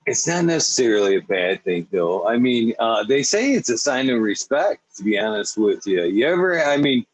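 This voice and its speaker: A man's voice: medium pitch, big pitch swings, moderate pace, no echo, rough recording. A young man hosting a casual late-night podcast chat, laid-back and swearing freely, who slips into mocking voices as he laughs. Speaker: podcast host.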